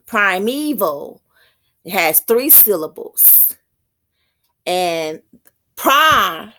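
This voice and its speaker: This woman's voice sits low as she explains poetic meter in a casual spiritual talk. She reasons out loud, slows down to read terms, and stumbles on words she doesn't know.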